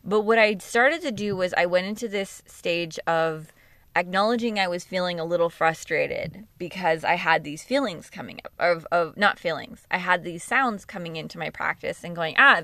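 A woman's voice: on the low side, animated, fairly bright tone, no room sound. Sleepy woman podcast host, reflective casual monologue, dry sound. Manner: slow, musing, with laughs and self-corrections. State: sleepy, yawning. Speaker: podcast host and yoga teacher.

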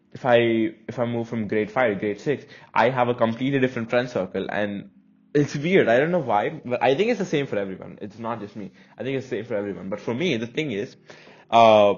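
A man's voice: medium pitch, highs cut off. A young man from India with an American-leaning accent, hosting a casual solo podcast in a chatty, rambling, self-conscious way. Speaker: podcast host.

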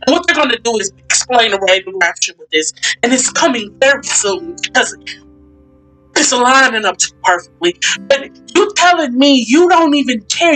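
A woman's voice: sits high, a bit bright, rough recording. A woman hosting a faith talk session, speaking fervently and emphatically in a preaching style, repeating her points.

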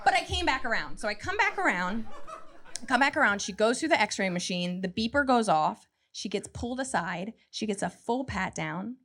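A woman, performing a lively stand-up comedy set on a club stage with a handheld mic. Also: medium pitch. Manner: animated, jumps into quoted voices, quick asides.

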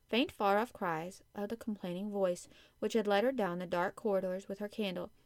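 A woman narrating a classic story in a steady, measured audiobook reading. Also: mid-range voice, no echo, clean studio sound. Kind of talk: scripted narration.

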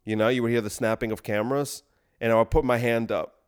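A man talks in a dry, deadpan way, spinning a comedic monologue further and further into the absurd. His voice sits in an ordinary middle pitch, and he lays out his outrageous scenario like plain fact. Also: fast, clean tone. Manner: deadpan, absurd escalating bits. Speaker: podcast host.

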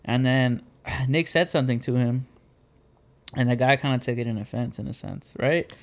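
A man in relaxed casual chat, recounting a night out with many small agreeing interjections. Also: mid-range voice, normal speed. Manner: relaxed, backchannels a lot.

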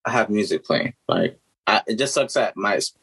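A man's voice: on the low side, animated, normal speed, fairly bright tone, husky, poor audio. A young man co-hosting a podcast, telling loose, profane, rambling stories in casual chat.

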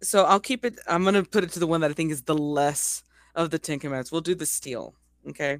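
A woman's voice: deep voice, fast, no echo. Woman, podcast co-host; earnest, chatty storyteller, frequent restarts. Dry, close recording. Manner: talkative, tells stories with many restarts. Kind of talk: casual faith podcast chat.

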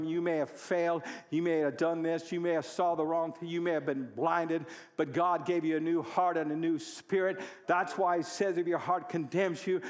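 A pastor preaching a sermon, moving from quiet storytelling to loud, fervent exhortation. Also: male voice, a little high, big-room sound. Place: church hall.

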